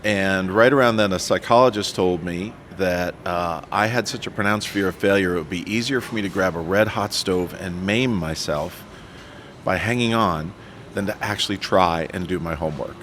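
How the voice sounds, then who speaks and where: As a guest on a podcast, a man with a low voice tells his story at normal speed, full of animated energy. He teases himself and performs the lines others said to him, and the storytelling interview carries a faint hiss underneath.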